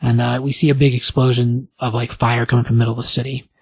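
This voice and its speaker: Husky-voiced man animatedly recapping a comic. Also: medium pitch, fast. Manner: animated storytelling, briefly acting out quoted lines. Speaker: podcast host. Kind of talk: casual comic book recap.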